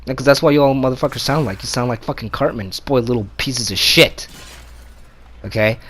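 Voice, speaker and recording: A man's voice: sits high, sharp tone. A man ranting in anger with constant swearing, repeating himself and turning sarcastic as he complains. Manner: heated, swearing, repetitive, sarcastic. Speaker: gamer ranting on video. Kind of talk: angry profane rant. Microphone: console capture mic.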